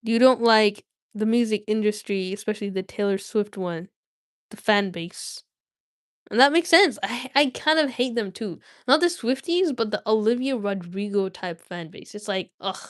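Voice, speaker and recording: A woman's voice: medium pitch, moderate pace, no room sound, studio quality. Chatty woman streamer reading aloud. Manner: chatty and playful with viewers, with many restarts. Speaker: livestream host reading aloud. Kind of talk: casual livestream chat and read-aloud.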